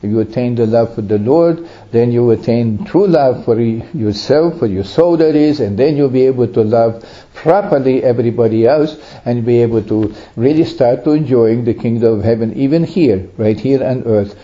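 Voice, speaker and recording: A man's voice: medium pitch, moderate pace. A man preaching an Orthodox sermon with earnest, pleading emphasis that swells on key phrases. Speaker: Orthodox priest. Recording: dull lo-fi recording.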